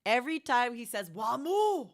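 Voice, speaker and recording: A woman's voice: fairly high pitch, very animated, normal speed, no room sound, clean studio sound. A woman streamer hosting a watchalong in casual livestream chat, playful and affectionate, calling her viewers honey.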